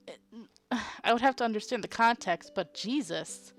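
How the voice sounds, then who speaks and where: A woman's voice: on the high side, huge pitch swings, slow, long pauses. A woman streaming a visual novel playthrough, reading the game's text aloud and chatting playfully with her viewers. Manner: chatty, playful, reacts to chat. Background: faint game music.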